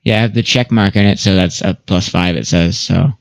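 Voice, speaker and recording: A man's voice: low voice, fairly quick, gravelly. A man playing in a tabletop game, talking casually and swearing freely. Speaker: player.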